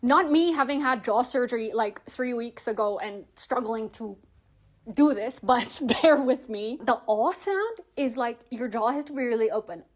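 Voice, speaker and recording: A woman's voice: fairly high pitch, lively intonation, moderate pace. A young woman hosting a language-learning video, explaining tips in a chatty, friendly way with frequent "like" fillers. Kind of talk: casual explanatory vlog.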